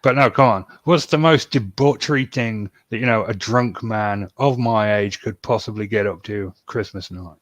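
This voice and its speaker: Male podcast co-host, lowish voice, teasing storyteller, dry close-miked sound. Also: normal speed, hardly any pauses, dry recording. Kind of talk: casual banter.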